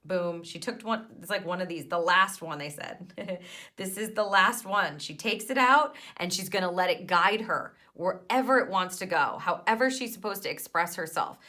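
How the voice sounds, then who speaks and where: A woman with a fairly low voice but a bright, forceful tone gives a tarot reading to her viewers. She is encouraging and emphatic, pressing her points and hesitating with fillers in between. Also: animated, moderate pace. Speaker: tarot card reader.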